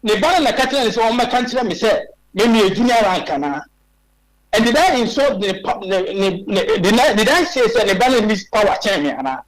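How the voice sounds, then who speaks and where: A man's voice: high voice, expressive, a little fast, rough recording. A man in his forties with a Ghanaian accent, a guest on a radio talk show, making his case emphatically and firing off rhetorical questions. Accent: Ghanaian English. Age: 40s.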